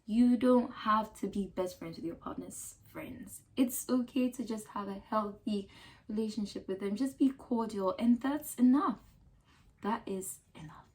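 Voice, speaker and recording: Speaking at a measured pace with a medium-pitched voice and a Ghanaian accent, this lifestyle vlogger offers casual advice straight to camera. Her delivery is emphatic and lively, packed with rhetorical questions.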